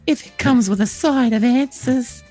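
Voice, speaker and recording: Female podcast guest, high voice, playful line reader. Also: normal speed, mellow, faint music behind. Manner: playful, laughing. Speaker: podcast guest reading a part. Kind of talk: casual reading of a story character.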